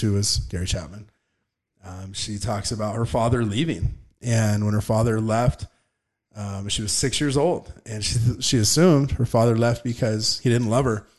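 A man in the host's chair, talking through a book in a relaxed, conversational way. He slips easily into personal anecdotes and gets animated as he tells them. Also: mid-range voice. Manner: chatty storyteller, animated when telling anecdotes. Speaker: podcast host. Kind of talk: casual book discussion.

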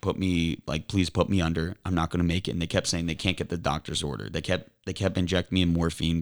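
A young man, a podcast guest, earnestly retelling a near-death experience, halting and restarting often. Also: low voice. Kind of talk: emotional personal storytelling.

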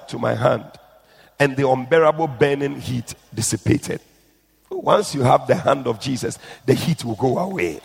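Male preacher, husky and gravelly, urgent and pleading, recorded with long hall reverb. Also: mid-range voice, expressive, normal speed. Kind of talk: sermon with read-out testimony. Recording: echoey hall.

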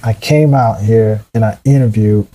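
A middle-aged man telling his career story in a casual, animated way, acting out the voices of people he quotes. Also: fairly low pitch, moderate pace, poor audio. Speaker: guest.

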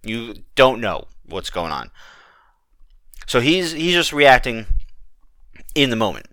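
A man's voice: mid-range voice, big pitch swings, slow, pushed and bright, no room sound. A man hosting a wrestling podcast, chatting casually with plenty of restarts. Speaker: podcast host. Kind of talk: casual chat.

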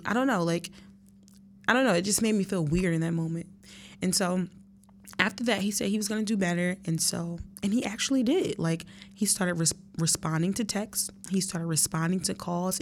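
A woman's voice: mid-range voice, a little hiss or hum. A woman in her thirties, hosting her podcast, tells a personal story in an earnest, emotional way and speaks straight to her listeners. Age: 30s. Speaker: podcast host.

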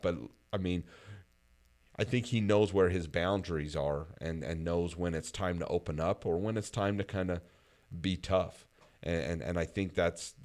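Deep-voiced man, reflective host. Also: a little mellow. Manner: reflective, with frequent fillers and laughter. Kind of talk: casual conversation.

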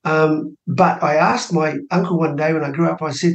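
Guest: New Zealand man in his sixties, fairly high voice, spins animated anecdotes, roomy studio sound. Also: normal speed. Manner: acts out quoted dialogue with lively rising voice. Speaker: interview guest, minor party co-leader. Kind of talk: animated personal storytelling.

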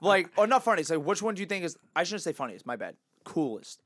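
Lively, high-voiced young man. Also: fast talker, no room sound, clean studio sound. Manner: animated, swears a lot, slangy. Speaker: podcast co-host. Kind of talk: casual chat.

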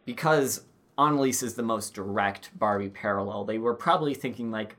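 A woman's voice: a bass voice, moderate pace, fairly bright tone. A woman co-hosting a film podcast in a casual, rambling chat with many fillers. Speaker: podcast co-host.

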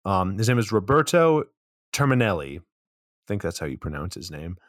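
A man co-hosting a podcast, casually recapping a movie in a rambling, relaxed way with some swearing. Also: low-pitched, fairly quick, no room sound, studio quality. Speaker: podcast co-host.

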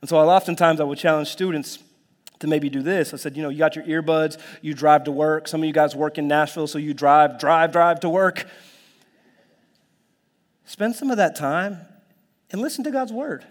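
A man preaching a sermon in a lively, conversational way, now and then dropping to a whisper or jumping to a shout. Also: on the high side, moderate pace. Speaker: pastor. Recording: long hall reverb.

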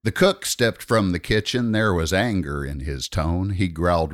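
Man, low voice, wry rhythmic storyteller reciting verse; lively, dry close sound. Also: normal speed, hardly any pauses, no echo. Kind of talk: reciting a rhyming narrative poem.

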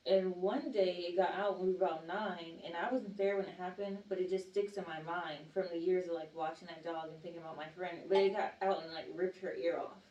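A woman's voice: lowish voice, fairly even intonation, brisk, hardly any pauses, a little mellow, muffled recording. A young adult woman from the Atlanta area, chatting as a guest and telling stories full of "like" and "you know.". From Atlanta area, Georgia. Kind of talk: casual chat. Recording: echoey room, mic from a distance, faint hiss.

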